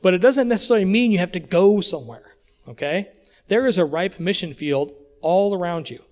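A man's voice: high voice, animated, a little fast, a little mellow. A man with an American accent preaching a sermon in a church, talking conversationally and often checking in with his listeners. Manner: conversational, checks in with frequent "okay?".

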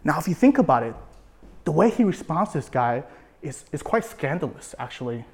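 A man's voice: fairly high pitch, sing-song, fairly quick. Man preaching an explanatory sermon. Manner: explanatory, with frequent fillers and repetitions.

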